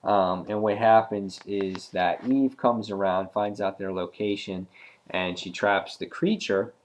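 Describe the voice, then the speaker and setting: A man's voice: fairly low pitch, steady tone, measured pace. A man casually reviewing a comic book, recapping the plot in a rambling way with lots of ums and restarts.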